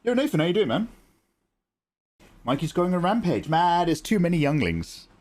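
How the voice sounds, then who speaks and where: A man's voice: high voice, very animated, moderate pace, a little mellow. A British man chatting playfully and joking with viewers during a drawing livestream. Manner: playful, jokey, thanks viewers by name. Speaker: art livestreamer. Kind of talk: casual livestream chat while drawing.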